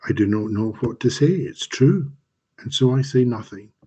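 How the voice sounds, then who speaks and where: A man, the author, reading his dark fantasy fiction aloud in a slow, measured, dramatic way, over a home mic on a live stream. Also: medium pitch, lively intonation, breathy edge.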